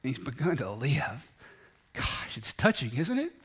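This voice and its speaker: A man preaching a sermon in a folksy way, acting out the story's voices and dropping from loud to near whispers. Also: mid-range voice, wildly swooping pitch, unhurried, slightly rough. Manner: folksy, acts out the parable's voices, swings from loud to hushed. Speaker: pastor.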